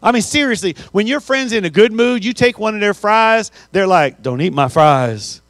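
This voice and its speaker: Lively man speaking to a school assembly. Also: high-pitched, normal speed, no room sound, studio quality. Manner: lively, joking, talks straight to the crowd. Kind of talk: motivational storytelling. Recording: live audience crowd in a theater.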